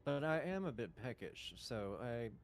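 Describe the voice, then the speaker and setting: A man's voice: medium pitch, sing-song, moderate pace, a little hiss or hum. A man playing a tabletop game, describing his character casually with loose fillers. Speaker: player. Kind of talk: casual in-character play talk.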